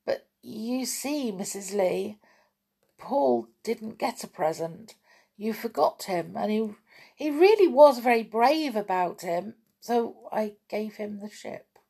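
A polite, earnest small boy from a read-aloud storybook, put on by a woman narrator. His voice sits a touch higher than hers and keeps a slightly breathy grain. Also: animated, takes it slowly, dark tone, full character voice. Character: kind generous small boy.

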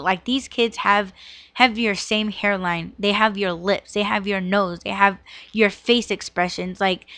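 A woman's voice: mid-range voice, a bit bright, clear, resonant tone, no echo. A woman in her thirties hosting a podcast and telling a personal story in a rambling, emotional way, swearing often and filling her talk with "like" and "you know". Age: 30s. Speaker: podcast host. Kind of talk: casual storytelling monologue.

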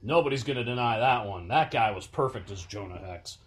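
A man in casual podcast conversation, easygoing and loose. He talks in a middle-pitched voice, often quoting film scenes and laughing along. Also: lively intonation, fairly quick. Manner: laid-back, quotes film lines with laughs. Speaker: podcast co-host. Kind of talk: casual chat.

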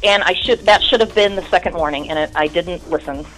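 A woman's voice: lowish voice, brisk, fairly bright tone, a little hiss or hum, low-quality recording. A woman in her thirties, a guest in an interview, telling her story in a candid, rambling way and swearing often.

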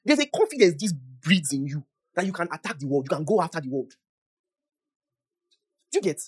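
In a sing-song, mid-range voice with a breathy edge and a slightly fast pace, a preacher gives a conversational sermon. Asking listeners questions and laughing often, the preacher then shifts into prayer in tongues, growing louder.

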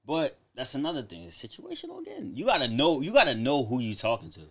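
A man in casual chat, relaxed, talking in halting restarts. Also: medium pitch, husky.

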